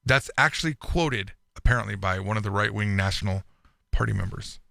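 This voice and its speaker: A man's voice: fairly low pitch, a little fast, vocal fry, sharp tone, no echo, studio quality. A man co-hosting a casual podcast who jokes and laughs a lot and reads news stories aloud. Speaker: podcast co-host. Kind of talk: casual chat.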